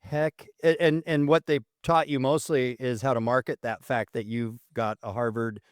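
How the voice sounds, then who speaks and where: Guy co-hosting a podcast, joking around, lively, dry sound no room. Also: mid-range voice, normal speed, no room sound. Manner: animated, teasing, laughs often. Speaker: podcast co-host. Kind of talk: casual chat.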